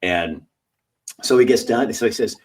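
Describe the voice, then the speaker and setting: A middle-aged man hosting a casual conversation, an animated storyteller who acts out voices and laughs often. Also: medium pitch, a little slow, far from the mic. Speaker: host.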